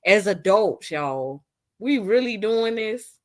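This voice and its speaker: A young woman giving animated, incredulous casual commentary in a vlog, often laughing. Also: medium pitch, slow pace. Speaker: vlogger.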